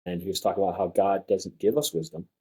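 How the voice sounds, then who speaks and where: A young man telling a story as a podcast guest, animated and full of fillers. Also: deep voice, fast talker, breathy edge, poor audio. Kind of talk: casual storytelling.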